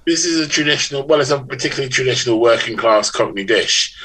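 A man's voice: medium pitch, expressive, quick pace, pushed and bright, husky, rough recording. A middle-aged man from London with a London accent, a chatty author guest in a casual interview who laughs often and restarts his sentences. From London, England.

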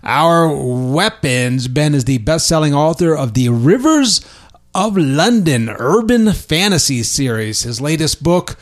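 A man's voice: fairly high pitch, lively intonation, unhurried. A man hosting a podcast from an office, chatty and enthusiastic, with frequent fillers. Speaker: podcast host.

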